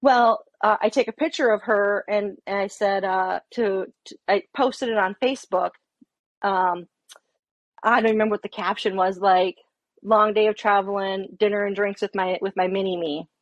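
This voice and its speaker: Middle-aged lady cop telling a story, cussing a lot, acts out the yelling bits, dry close sound. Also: mid-range voice, normal speed, dry recording. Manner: profane, animated, acts out heated quotes. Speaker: police officer telling a story. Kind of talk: casual storytelling on a podcast.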